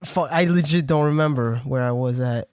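A man's voice: a little high, moderate pace, a little mellow, clear, resonant tone, no room sound. Young French-accented man rambling a story. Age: young adult. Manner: rambling, swearing, laughing, restarts. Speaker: storyteller guest. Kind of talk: casual storytelling.

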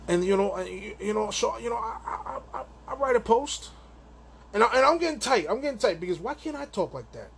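Man, high voice, crude rambling rant, solo podcast, faint background hiss. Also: very animated, brisk, gravelly, fairly bright tone. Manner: amateur stand-up comic. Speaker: podcast host.

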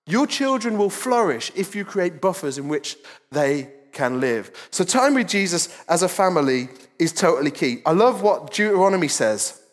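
A man's voice: high voice, sing-song, moderate pace, soft background music. A man, preaching a sermon as lead pastor in a casual, joking, self-deprecating way. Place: church auditorium. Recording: large church hall with long reverb.

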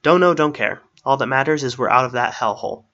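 A man's voice: mid-range voice, fast talker, bright, forceful tone, muffled recording. A man reading a story aloud and voicing a cocky young rogue who talks in a smug, teasing way. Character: cocky young male rogue, smirking and wry.

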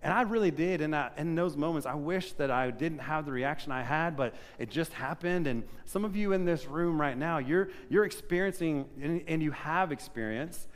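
A male pastor giving a sermon to his congregation, telling lively personal stories with self-deprecating humor. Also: fairly high pitch, normal speed, few pauses, big-room sound. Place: church sanctuary.

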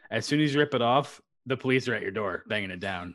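A man co-hosting a podcast, brash and profane, riffing deadpan in casual chat. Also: lowish voice, fast talker. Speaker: podcast co-host.

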